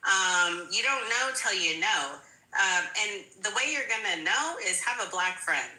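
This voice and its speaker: A woman's voice: medium pitch, animated, a little slow, pushed and bright, reverberant, rough recording. A woman guest in a casual political chat, talking emphatically with laughs and repeated "listen"s. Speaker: guest commentator.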